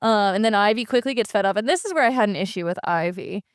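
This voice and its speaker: A woman's voice: medium pitch, quick pace, no room sound, studio quality. A woman co-hosting a podcast, recapping a story in casual chat with many fillers. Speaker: podcast co-host.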